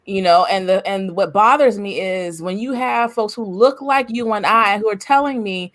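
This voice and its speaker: A woman's voice: medium pitch, measured pace, hardly any pauses. A woman on a podcast panel, talking emphatically and passionately, hammering home repeated rhetorical questions. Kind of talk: casual discussion.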